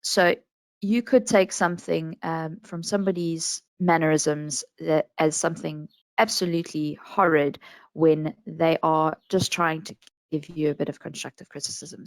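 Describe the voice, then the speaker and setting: A woman with a South African accent giving calm, measured advice on handling complaints in a business webinar. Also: lowish voice, no room sound. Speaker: national complaints administrator.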